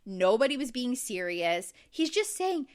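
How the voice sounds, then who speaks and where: This woman's voice is a little high and very animated, moving at a measured pace as she co-hosts a podcast recapping a reality show. She chats casually, stuffing her talk with "um" and plenty of "like."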